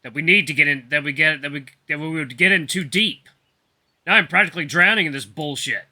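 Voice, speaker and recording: A man voicing a gruff, menacing male wolf butcher who snarls and scolds harshly. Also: on the high side, brisk, pushed and bright, pitched above the performer's own voice. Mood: angry snarling.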